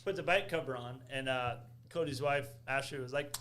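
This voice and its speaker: A man tells joking stories as a podcast guest. He swears freely and keeps it loose and casual, at a mid pitch. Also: normal speed, a bit bright. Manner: joking, profane anecdotes. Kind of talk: casual storytelling.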